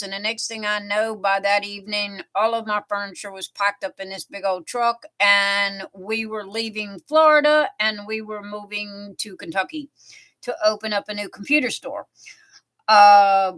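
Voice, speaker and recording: This live streamer, a woman from the American South, talks casually at home while working on crafts, spinning stories that wander and stretch on. Her tone is bright and strong at a medium pitch.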